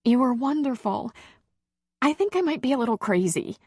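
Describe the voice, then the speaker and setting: A narrator putting on a tearful, insecure woman, higher than her own voice and quick. The voice is a little husky and dry. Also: animated, warm tone, no echo. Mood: emotional.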